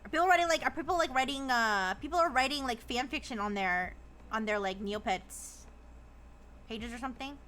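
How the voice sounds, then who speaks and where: A woman's voice: fairly high pitch, fairly quick, pushed and bright, slight background noise. A young woman streaming live who chats casually, giggles often, and reads viewer messages aloud before riffing on them.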